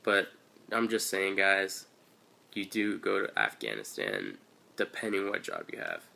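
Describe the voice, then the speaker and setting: A man's voice: sits low, sing-song, a little slow, creaky, sharp tone. An eighteen-year-old man from Washington State telling a story in a casual, rambling, offhand way for his video channel. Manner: rambling and offhand, with loose slangy asides. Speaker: vlogger. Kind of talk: casual first-person storytelling. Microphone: handheld camera or phone.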